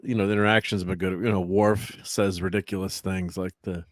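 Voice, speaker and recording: A low-pitched man chatting casually as a podcast co-host, rambling and laughing often. His voice is recorded dry and close, with little room sound. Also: flat delivery, brisk, no echo. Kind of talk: casual chat.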